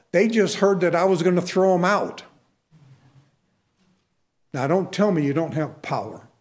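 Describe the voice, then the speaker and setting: A man with a fairly high voice preaching in a fervent, folksy way. He moves between homespun stories and punchy exhortations, then eases into a closing prayer. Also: animated, normal speed, darkish tone. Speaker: Christian minister.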